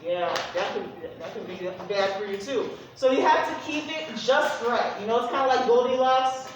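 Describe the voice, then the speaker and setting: A woman's voice: fairly high pitch, lively intonation, normal speed, muffled recording. Upbeat woman teacher counting off beats. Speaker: music teacher. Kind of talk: classroom rhythm lesson. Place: classroom. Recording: echoey room from far off, noisy.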